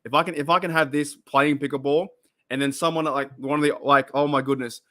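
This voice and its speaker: Bright-voiced man on a live stream. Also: a little high, steady tone, a little fast. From Australia. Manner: chatty, exclaims and laughs at comments, repeats himself. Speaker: podcast host reading live chat. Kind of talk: casual live-stream chat.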